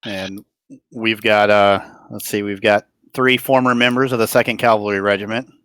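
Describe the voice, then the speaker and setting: Bright-voiced man running the game. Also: fairly low pitch, steady tone, no echo. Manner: halting, thinks aloud with fillers. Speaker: dungeon master. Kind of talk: narrating a tabletop game over a call.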